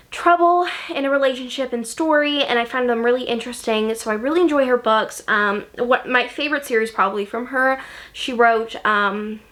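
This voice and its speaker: Bright-voiced chatty young woman. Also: a little high. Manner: chatty, gushing, lots of ums and likes. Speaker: book vlogger. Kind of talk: casual chat.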